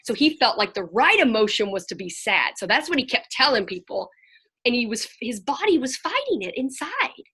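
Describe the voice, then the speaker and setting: A woman counselor talking to a group over a video call, telling lively stories and acting out what children said. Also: a little high, moderate pace, husky. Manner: animated storyteller, acts out children's voices.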